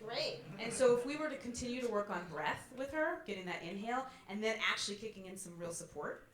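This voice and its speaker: Encouraging woman voice teacher, lively pitch. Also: quick pace. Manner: encouraging, demonstrates with sung sobs. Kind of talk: master class coaching. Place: college teaching hall. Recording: roomy hall with faint ambience.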